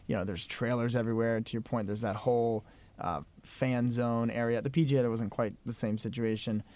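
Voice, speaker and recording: A man's voice: medium pitch, darkish tone, no echo. A man co-hosting a podcast in casual chat, conversational with many fillers and asides. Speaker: podcast co-host.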